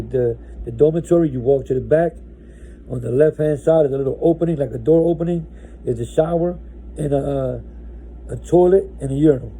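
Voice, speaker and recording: A man recounts his past in a casual, meandering way, restarting his sentences and checking in with "right?". His voice is dark and gravelly. Faint noise hums in the background. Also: mid-range voice, low-quality recording. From New Jersey, US. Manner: rambling, with many restarts and "right?". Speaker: former inmate telling his story. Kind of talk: casual storytelling.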